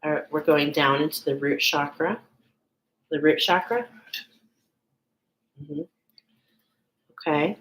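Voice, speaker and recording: Slow, low-voiced woman channeling messages. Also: poor audio. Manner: halting, often checks in with "okay". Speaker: intuitive reader. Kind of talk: live channeled reading.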